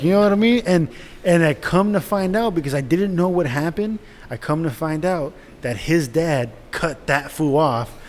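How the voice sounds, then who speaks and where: A young man telling a story in a casual, animated and profane way, laughing as he goes. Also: a little high, moderate pace. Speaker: podcast host. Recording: echoey room with faint noise.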